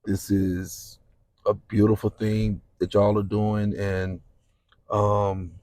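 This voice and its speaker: Low-voiced man hosting a podcast. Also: level tone, takes it slowly, warm tone, no room sound. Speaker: podcast host. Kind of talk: casual interview.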